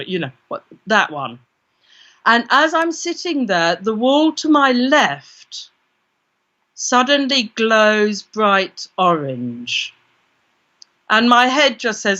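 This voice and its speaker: Bright-voiced British woman telling a story. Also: fairly high pitch, very animated, slow pace. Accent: British English. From Britain. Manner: vivid first-person storytelling with quoted inner voices. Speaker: guest, parapsychologist. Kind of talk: storytelling in an interview. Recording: dull lo-fi recording.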